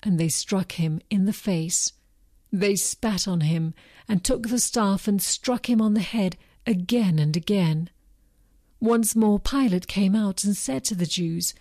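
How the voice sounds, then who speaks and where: Woman reading scripture, warm tone. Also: medium pitch, a little slow, no echo, clean studio sound. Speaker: reader.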